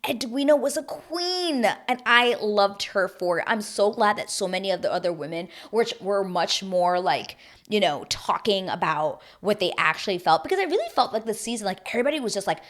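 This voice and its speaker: A woman hosting a casual reality-TV recap, animated and opinionated, swearing freely. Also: mid-range voice, brisk. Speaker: TV recap host.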